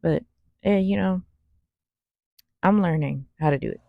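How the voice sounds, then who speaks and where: A woman's voice: on the low side, unhurried, creaky, dry recording, phone-quality sound. A woman cosplay vlogger rambling in casual, slangy voice-over about her makeup. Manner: rambling, slangy, self-deprecating.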